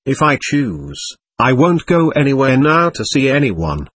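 A man's voice: medium pitch, big pitch swings, unhurried, a bit bright, slightly rough, exaggerated voice. A man reading the lines of a passionate, volatile young woman, proud and wounded, whose tone swings between tenderness and scorn. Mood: defiant.

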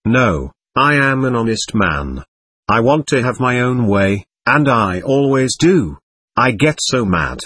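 A man's voice: medium pitch, big pitch swings, slow pace, a bit bright, slightly rough, no echo, studio quality, heavily acted. A man reading aloud the lines of a stubborn, hostile male spirit from a séance record, defiant and threatening.

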